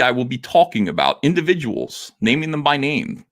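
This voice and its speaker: Man, livestream monologue, lively swooping pitch, mid-range voice, theatrical, laughs often. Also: normal speed. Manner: theatrical, swings between quiet and loud, laughs often. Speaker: comics livestream host.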